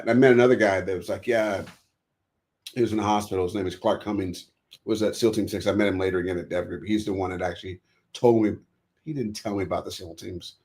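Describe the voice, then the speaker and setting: Deep gravelly American man telling stories. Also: quick pace. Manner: animated storyteller, acts out quoted dialogue. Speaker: guest. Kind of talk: storytelling interview.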